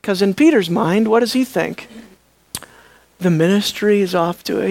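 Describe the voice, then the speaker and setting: A preacher gives a lively sermon in a middle-range voice and keeps asking the congregation questions. Key points rise high and loud, and asides drop low and soft. The sound is dry and close, with no room echo. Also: normal speed, vocal fry, long pauses. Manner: animated, swings between loud high emphasis and low quiet asides; asks the audience rhetorical questions.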